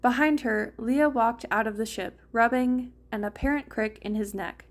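A woman's voice: a little high, moderate pace, few pauses. A woman reading fan fiction aloud in a casual way, with a few small slips.

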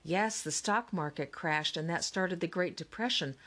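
A woman narrator plays a calm, clever older brother in a storybook. He lays out his reasoning patiently and evenly. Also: on the low side, moderate pace. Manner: calm, explaining. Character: calm, thoughtful older brother, puzzle-solver. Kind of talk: audiobook character reading.

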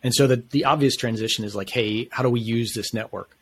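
Guy guesting on a podcast, rambly and excited, mid pitch, loose slangy chat. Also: fast, husky. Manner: enthusiastic, rambling, casual slang. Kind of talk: casual storytelling.

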